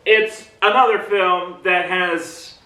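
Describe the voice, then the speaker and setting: A man from Minnesota talks through a film review in a slow, meandering way, wandering into asides. His voice sits high and sounds bright. He is heard from some distance in a roomy, echoing space. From Minnesota, USA. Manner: rambling, drifts into tangents and asides. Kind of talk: casual rambling film review monologue. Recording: roomy echo, mic at a distance.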